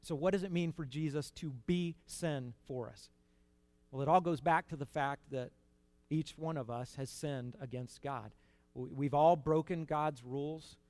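A man preaching a sermon in an earnest, conversational way, rising to emphatic peaks and dropping to quiet asides. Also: fairly high pitch, unhurried, dry recording.

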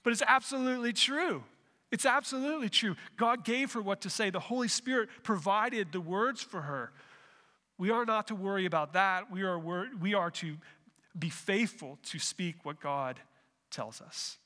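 A man's voice: high voice, measured pace, bright, forceful tone, in a large hall. A man preaching a sermon as pastor, earnest, with rhetorical questions and frequent restarts.

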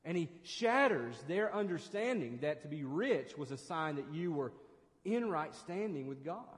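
A man's voice: a little high, big-room sound. A man preaching an expository sermon as pastor, earnest and emphatic, often restarting phrases.

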